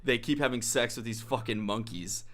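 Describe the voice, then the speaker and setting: A man's voice: mid-range voice, moderate pace, fairly bright tone. Crude, rambling man riffing on a movie. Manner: crude, rambling, slips into silly voices for characters. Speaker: podcast co-host. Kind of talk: casual comedic movie-plot riffing.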